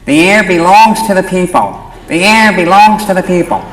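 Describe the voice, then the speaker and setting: A strident young male radical with a high, nasal voice, as an older New York man puts him on. He sounds loud and pushed, and the hall around him is roomy with faint ambience. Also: animated, moderate pace, slight background noise.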